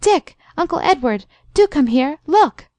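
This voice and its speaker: A woman voicing an impulsive, warm-hearted young woman who speaks eagerly and excitably. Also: fairly high pitch, normal speed, dry recording, lightly acted. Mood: excited.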